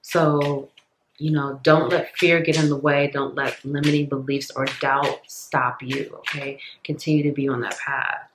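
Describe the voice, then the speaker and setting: A tarot reader chatting straight to viewers in a loose, rambling way, full of "like" and "you know", often repeating lines and tripping over words. The voice sits at a middling pitch. The sound bounces around a roomy space. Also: flat delivery, a little slow, background noise. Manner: rambling, filler-heavy, repeats itself. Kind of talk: casual tarot reading to viewers.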